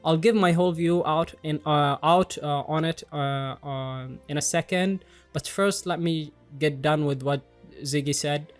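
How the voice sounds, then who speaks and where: Young man, manga reviewer, fairly high voice, excitable, swears a lot, faint music underneath. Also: unhurried. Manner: excitable, jokey, swears freely, self-deprecating. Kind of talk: casual commentary.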